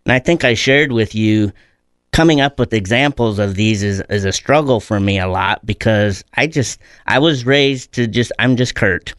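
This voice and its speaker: A man's voice: on the low side, moderate pace, a bit bright, no echo, clean studio sound. A middle-aged man, a guest in a conversational interview, telling stories in an earnest, reflective way.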